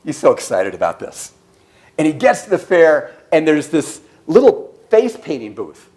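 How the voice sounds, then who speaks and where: A man giving an animated sermon-style talk at a church service, telling stories and questioning the audience. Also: fairly high pitch, normal speed. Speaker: speaker.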